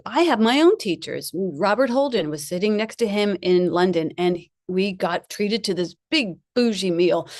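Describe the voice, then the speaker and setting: A woman's voice: mid-range voice, no echo, clean studio sound. A middle-aged woman giving a spiritual talk, chatty and laughing often as she tells personal stories. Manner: chatty, laughing, lively storytelling. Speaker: guest speaker.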